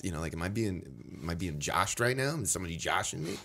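A man's voice: deep voice, animated, fast, few pauses, bright, forceful tone, a little hiss or hum. A man hosting a podcast, chatting casually with joking, profane, rambling talk. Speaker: podcast host. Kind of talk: casual chat.

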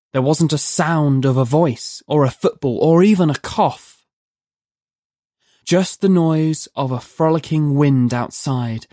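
Measured horror story narrator. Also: mid-range voice, dark tone, no room sound, clean studio sound. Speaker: narrator of a horror audio drama.

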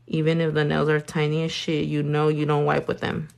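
A woman's voice: sits low, completely flat delivery, brisk, vocal fry, a little mellow. A woman doing nails while talking casually to a live audience, blunt and profane, full of slang. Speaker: nail artist.

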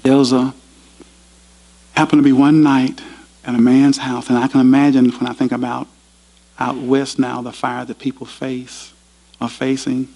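A pastor giving a sermon in a university chapel, earnest and storytelling. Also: male voice, medium pitch, level tone, moderate pace, creaky, long pauses, mellow, rough recording.

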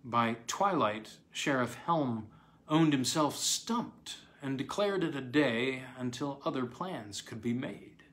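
A man reading a weird tale aloud in a measured, dramatic way. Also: mid-range voice, expressive, fairly bright tone. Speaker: reader. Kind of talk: scripted narration.

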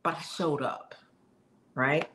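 A woman's voice: low-pitched, fairly even intonation, takes it slowly, fairly bright tone. A middle-aged woman coach giving an emphatic, conversational motivational talk straight to her viewers.

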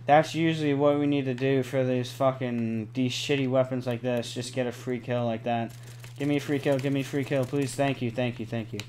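A young man giving live gameplay commentary, excitable, cursing often and pleading with the game. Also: mid-range voice. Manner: excitable, swears a lot, pleads and groans at the game. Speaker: gaming channel host.

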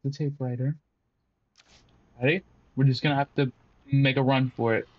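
A man's voice: medium pitch, level tone, moderate pace, lo-fi sound. A man commenting on his own horror game play, talking to himself, panicking and yelping at scares, and taunting enemies. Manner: jumpy, panicky yelps, self-talking, taunting. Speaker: gameplay commentator.

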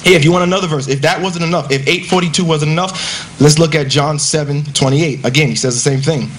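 A man's voice: on the high side, steady tone, fairly quick, slight background noise. A man giving a rebuttal in a debate, emphatic and conversational, pressing his points with rhetorical questions.

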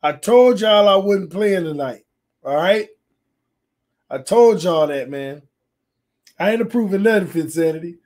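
A man with a strained, hoarse voice chats casually through a live gaming stream. He sits a bit high in his range and turns excitable and playfully trash-talking while reading comments aloud. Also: a little slow, pauses often. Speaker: sports channel host. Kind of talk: casual livestream gaming chat.

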